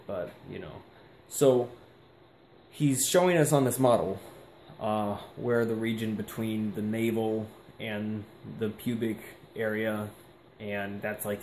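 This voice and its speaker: A man's voice: lowish voice, a little mellow. A young man vlogging casually, rambling and reflective with lots of fillers. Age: young adult. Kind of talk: casual vlog monologue. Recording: echoey room with faint background hiss.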